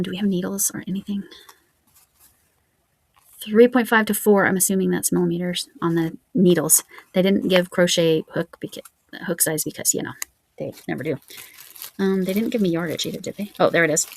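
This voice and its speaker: Casting: woman vlogger, lowish gravelly voice, chatty show-and-tell, thinks out loud. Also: steady tone, normal speed. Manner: chatty, musing aloud while reading yarn labels. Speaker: crochet vlogger. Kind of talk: casual show-and-tell chat.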